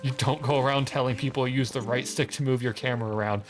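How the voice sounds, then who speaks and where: A man's voice: mid-range voice, steady tone, quick pace, faint music behind. A man streaming a video game, joking in casual commentary and reading the dialogue aloud in silly voices.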